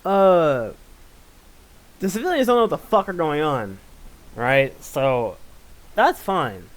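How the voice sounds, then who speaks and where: A man giving casual reaction commentary while watching a video, blunt and loud with lots of swearing. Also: on the high side, big pitch swings, slow. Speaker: reaction streamer.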